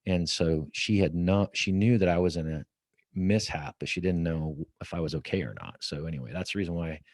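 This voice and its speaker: In an office at company headquarters, a middle-aged man with a deep voice talks a little fast as a guest on a podcast. He narrates a story with energy, performing its dialogue aloud. There's no echo on the recording.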